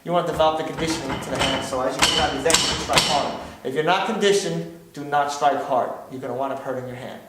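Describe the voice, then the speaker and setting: A man's voice: on the high side, quick pace, few pauses, fairly bright tone. A man instructing a martial arts drill, patient and explaining step by step, checking in with frequent questions. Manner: patient, repeats "okay?" often. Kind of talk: demonstration lesson. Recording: echoey room, distant from mic, noisy.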